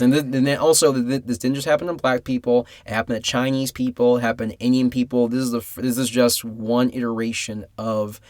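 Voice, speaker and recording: A man's voice: medium pitch, fairly quick, hardly any pauses, no echo. A man co-hosting a casual film review podcast, swearing freely and slipping into mocking voices. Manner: profane, animated, drops into mocking voices. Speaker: podcast co-host.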